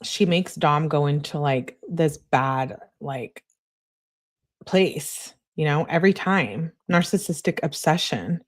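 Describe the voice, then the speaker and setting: Woman, lowish voice, true crime commentary, reading text messages aloud, flat delivery. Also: slow. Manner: reads both sides of a text exchange in a flat recounting tone.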